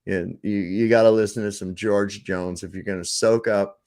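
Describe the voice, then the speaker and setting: A middle-aged man hosting a podcast, telling stories in a profane, animated, casual chat. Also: lowish voice, moderate pace. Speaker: podcast host.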